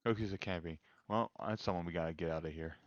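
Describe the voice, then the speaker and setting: Very deep-voiced player on a dull mic. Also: male voice, fast, no room sound. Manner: hesitant, trailing off mid-sentence. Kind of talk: casual chat at a game table.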